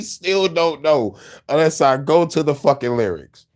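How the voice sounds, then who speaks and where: A man's voice: a little high, lively intonation, unhurried, a little mellow. Laughing, profane middle-aged male host. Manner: profane, laughing, loose rambling riffs. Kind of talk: casual chat.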